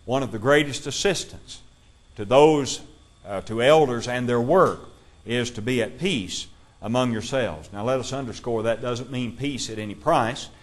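Man teaching a measured Bible class. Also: medium pitch. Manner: measured, reads scripture aloud slowly; asks the class questions.

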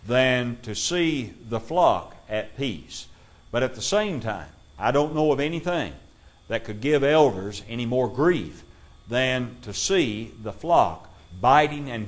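A man teaching a Bible class, reading scripture aloud slowly and putting questions to his listeners. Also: mid-range voice.

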